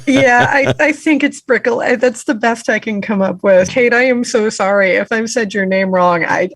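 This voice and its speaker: A woman's voice: on the high side, normal speed, no echo. A woman co-hosting a podcast, summarizing a criminal trial in a chatty, self-deprecating way. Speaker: podcast co-host. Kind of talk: casual true-crime discussion.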